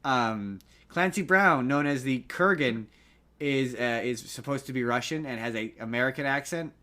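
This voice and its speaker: A man co-hosting a podcast, chatting casually and animatedly, slipping into quick jokey impressions. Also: medium pitch, pushed and bright. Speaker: podcast co-host. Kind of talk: casual chat.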